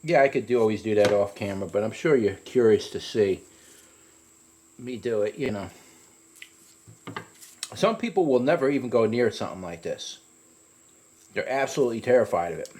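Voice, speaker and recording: A man's voice: expressive, moderate pace, pauses often, a little mellow, slight background noise. Chatty man rambling about peppers. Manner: rambling and chatty, restarts often, jumps high when retelling stories. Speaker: pepper grower reviewing hot peppers. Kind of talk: casual spoken pepper review.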